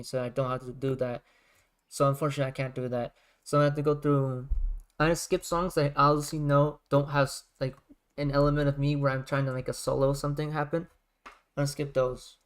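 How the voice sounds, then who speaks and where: A man's voice: medium pitch, level tone, brisk, smooth. A man, a music creator, chatting casually on a livestream, rambling and circling back to rephrase his points.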